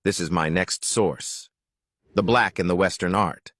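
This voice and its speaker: A man laying out a history argument, citing and quoting his sources one after another. His voice sits on the low side. The sound is dry and close, with no room echo. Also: unhurried, fairly bright tone. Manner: declarative, citing quotes. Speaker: presenter reading sources. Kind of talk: lecture-like narration.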